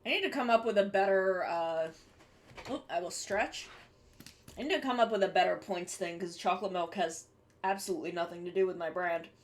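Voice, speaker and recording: A woman's voice: fairly low pitch, fairly quick, slight background noise. Chatty young woman streamer rambling casually. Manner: rambling, chatty, swears casually, talks to chat. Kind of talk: casual live-stream chat while drawing.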